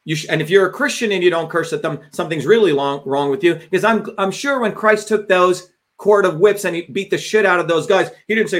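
A man's voice: sits high, fast talker, hardly any pauses. Profane, combative man ranting live. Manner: emphatic, addresses viewers directly. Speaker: host of a live show. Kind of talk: live political monologue.

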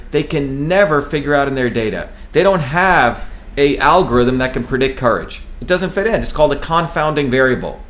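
A man from New Jersey talks in a driven, forceful way, punching out his points and swearing as he goes. His voice sits a little high for a man, and he keeps circling back to the same phrases for emphasis. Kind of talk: heated political talk.

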